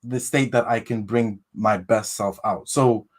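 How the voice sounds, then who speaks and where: A man's voice: on the low side, steady tone, unhurried. A man as a podcast guest, talking in a hesitant, rambling way with many restarts. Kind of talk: casual chat.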